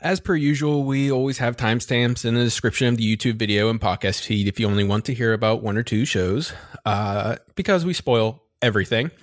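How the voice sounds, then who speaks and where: A man's voice: mid-range voice, fairly quick, few pauses, dry recording, studio quality. A man co-hosting an anime podcast in casual chat, joking and laughing often. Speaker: podcast co-host.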